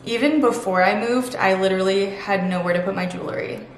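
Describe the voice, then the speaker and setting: A woman's voice: mid-range voice, fairly quick, slight background noise. A woman vlogger talking casually and gushing about things she loves, chatty and upbeat. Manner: gushing, chatty, lots of "super" and "literally". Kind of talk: casual sponsored vlog talk. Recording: echoey room.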